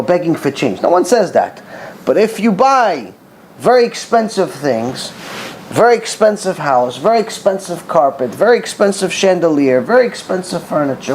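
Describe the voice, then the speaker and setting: A middle-aged man teaching as a rabbi, an animated storyteller who acts out dialogue and repeats words for emphasis. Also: high voice, slight background noise. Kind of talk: Torah class with storytelling.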